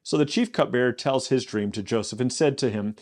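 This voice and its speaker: A man who is a pastor, teaching through a Bible passage in a casual way. He is animated, repeats himself when worked up and rises into excited disbelief. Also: medium pitch, fairly quick.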